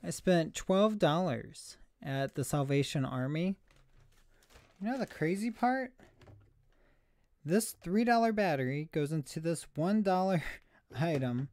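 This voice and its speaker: A man's voice: on the high side, animated, unhurried, pauses often, a little mellow, no echo. A man chatting on a live stream about thrift finds, rambling and self-deprecating, sounding slightly out of breath. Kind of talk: casual live stream chat.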